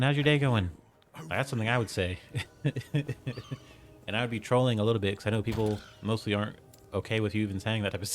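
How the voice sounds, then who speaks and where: A man streaming a game, rambling casually with lots of filler words and frequent chuckles. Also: fairly low pitch. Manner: rambling, heavy use of "like", chuckles often.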